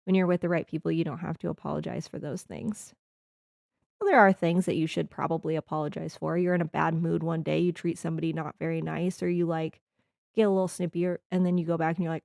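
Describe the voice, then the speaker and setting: A woman's voice: low voice, fairly even intonation, fast talker, vocal fry, a little mellow, dry recording, clean studio sound. A woman from the Midwest hosting a podcast, talking earnestly in a rambling reflective monologue with restarts. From American Midwest. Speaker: podcast host.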